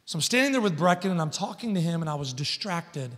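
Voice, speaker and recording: Man, 30s, guest preacher; storytelling sermon with rising emphatic peaks, higher voice, reverberant sanctuary. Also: animated, fast talker. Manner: storytelling, builds to loud emphatic points. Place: large church hall. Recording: long church hall reverb.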